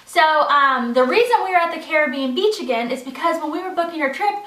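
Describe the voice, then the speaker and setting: A woman's voice: high-pitched, animated, quick pace, fairly bright tone, distant mic. A woman in her thirties, a mother of three, chatting casually to camera in a bubbly, talkative way with frequent laughs. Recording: echoey room, a little off-mic.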